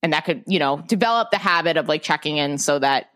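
A woman's voice: low voice, expressive, quick pace, a bit bright. A woman chatting casually and candidly on a podcast, swearing freely and often restarting her sentences. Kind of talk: casual chat.

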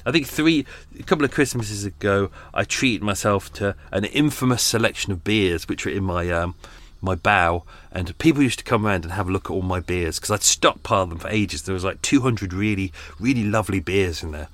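A man's voice: lowish voice, brisk, hardly any pauses, a bit bright. A man hosting a podcast, chatting unscripted and rambling, swearing and poking fun at himself. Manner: rambling, sweary, self-mocking. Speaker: podcast host. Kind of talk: unscripted casual monologue. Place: on a narrowboat in London.

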